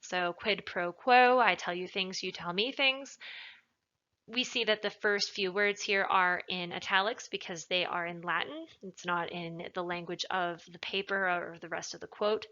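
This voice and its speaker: Bright-voiced woman explaining punctuation. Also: on the low side, highs cut off. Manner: clear, explanatory, leans on stressed words. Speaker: writing tutor. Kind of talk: recorded lecture narration.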